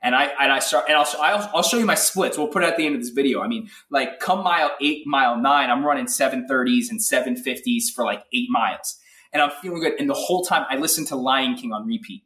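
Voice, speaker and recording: A man telling an animated, filler-heavy story as a guest in a casual interview. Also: medium pitch, quick pace, reverberant, recorded from a distance. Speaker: guest athlete.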